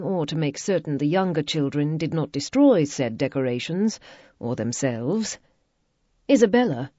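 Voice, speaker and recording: Woman narrator, low husky voice, measured storytelling, dull lo-fi recording. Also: warm tone, no room sound. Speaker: audiobook narrator. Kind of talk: scripted narration.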